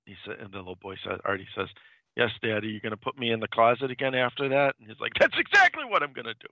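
Lower-pitched man with a gravelly, bright voice, rambling casual storyteller, dry lo-fi recording. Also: fast talker, no echo. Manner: rambling, many fillers and restarts. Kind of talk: casual chat retelling a comic story. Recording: dull dry lo-fi sound.

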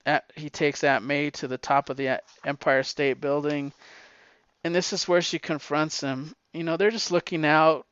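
A man with a smooth, resonant voice recaps a comic book in a casual, heartfelt way, his voice catching with emotion. The recording is dry and a bit dull and lo-fi. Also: a little high, fairly even intonation, moderate pace, fairly bright tone, dry recording. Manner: emotional, chokes up while recounting.

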